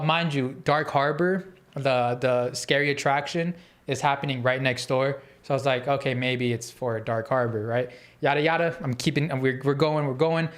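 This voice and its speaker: A man on a podcast telling a story in a casual, animated, rambling way, full of fillers and restarts. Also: mid-range voice. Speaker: podcast host.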